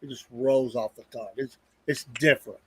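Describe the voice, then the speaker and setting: Dry-sounding co-host. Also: male voice, mid-range voice, steady tone, fairly quick, slightly rough, dry recording. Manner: storytelling, hedging, earnest. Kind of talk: casual chat.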